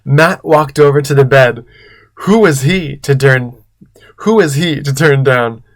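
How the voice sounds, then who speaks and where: A man, a drag queen host, reading fan fiction aloud and breaking off for sarcastic, deadpan commentary. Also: medium pitch, unhurried. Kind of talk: comedic read-aloud with commentary.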